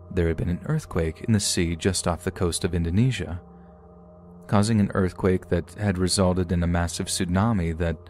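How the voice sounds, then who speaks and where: A man narrating scary true stories in a steady, scripted storytelling manner. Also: low voice.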